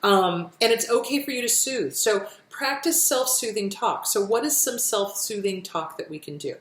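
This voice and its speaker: A middle-aged woman giving self-help advice in a casual, gentle, reassuring way, often repeating her phrases and answering questions frankly. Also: medium pitch, lively intonation, moderate pace, hardly any pauses. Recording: roomy echo.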